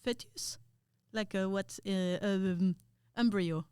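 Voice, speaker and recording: Slow-talking French woman. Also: mid-range voice, warm tone, clear, resonant tone, no echo, studio quality. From France. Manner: hesitant, many ums, searching for words. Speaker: podcast guest, tattoo artist. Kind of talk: casual chat.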